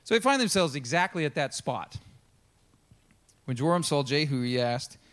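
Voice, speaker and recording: A man preaching in a loose, conversational way, leaping into the characters' voices as he goes. His voice sits a touch higher than most men's. He is lively and easygoing rather than formal. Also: normal speed. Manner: animated, chatty, acts out the characters. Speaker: pastor. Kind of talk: casual storytelling sermon. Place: church.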